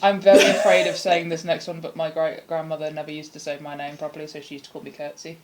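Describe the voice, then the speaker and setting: A woman's voice: low-pitched, fast talker, very noisy. A woman co-hosting a podcast in casual chat, telling stories with lots of laughter. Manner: laughing, lively storytelling. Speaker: podcast co-host.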